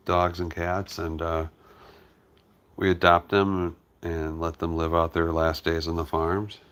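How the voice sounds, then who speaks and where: Brief: very low-voiced male host, relaxed live-stream chat, dotes on his pets between comments. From United States. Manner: talks fondly to his dogs while reading viewer comments. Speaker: farm hospice channel host.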